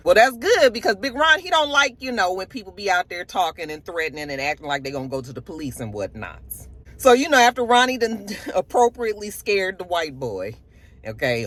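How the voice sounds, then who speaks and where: A woman vlogger reviewing a TV episode in casual, chatty talk, animated and laughing often, recorded in a home studio. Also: sits low, a little fast. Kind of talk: casual chat.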